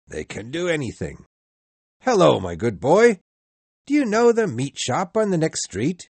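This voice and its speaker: A man's voice: a little high, big pitch swings, a little slow, a little mellow, husky, no echo, pitched above the performer's own voice, exaggerated voice. Man doing a giddy, laughing old miser. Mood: overjoyed. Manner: laughing, exclaiming, overjoyed. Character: giddy elderly reformed male miser.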